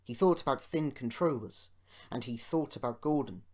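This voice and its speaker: A man reading a children's storybook aloud as an amateur audiobook narrator, in a measured way. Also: medium pitch, a little mellow. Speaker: podcast host reading an audiobook.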